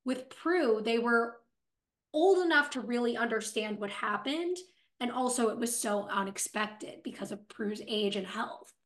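A woman's voice: on the high side, lively intonation, measured pace. A woman co-hosting a podcast, chatting casually and reflecting thoughtfully on characters and their grief. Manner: reflective, analyzes characters' feelings. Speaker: podcast co-host. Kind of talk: casual TV recap chat.

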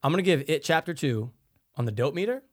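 A man co-hosting a casual movie review chat, relaxed and agreeable. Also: on the high side, fast. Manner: laid-back, agreeable, lots of "yeah".

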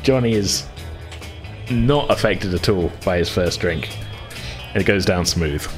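A man narrating a tabletop game as game master, laid-back and chatty with lots of fillers and chuckles. His voice sits fairly low, with soft music faint underneath. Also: a little slow. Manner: casual, chuckling, filler-heavy.

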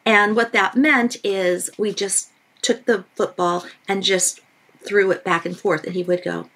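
A woman author who is a guest on a parenting podcast, telling lively stories and repeating points for emphasis. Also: medium pitch, a little slow. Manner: animated storytelling with emphatic repetition. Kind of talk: podcast interview.

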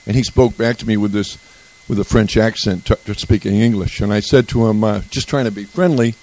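A man's voice: lowish voice, fairly even intonation, a little fast, a little mellow, rough recording. Rambling man telling a story at a meeting. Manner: rambling and conversational, with restarts. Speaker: speaker sharing at a recovery meeting. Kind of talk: personal storytelling at a group meeting. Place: retreat meeting room.

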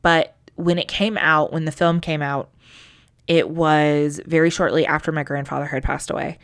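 A woman's voice: low voice, little pitch movement, normal speed, clear, resonant tone. A young adult woman co-hosting a casual book podcast, talking emotionally and swearing freely. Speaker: podcast co-host.

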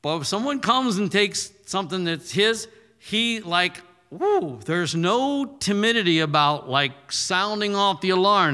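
Male pastor, thirties, bright tone, long church-hall reverb, conversational with forceful peaks. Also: high voice, animated, normal speed. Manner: conversational, punchy, rising to forceful declarations. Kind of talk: sermon.

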